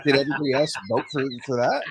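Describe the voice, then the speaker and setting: A man's voice: mid-range voice, steady tone, racing, heavy background noise. A man hosting a podcast who rambles through comedy sketches with lots of laughing in casual chat. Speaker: podcast host.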